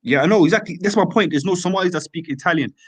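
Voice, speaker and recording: A young man in casual chat, animated and slangy, stacking filler tags. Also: sits high, very fast, husky, no echo. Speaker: open mic speaker.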